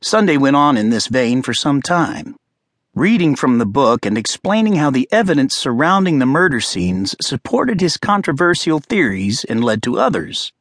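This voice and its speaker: A man narrating an abridged crime thriller audiobook in a steady, grave storytelling manner. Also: medium pitch, moderate pace, no room sound, clean studio sound. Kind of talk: scripted narration.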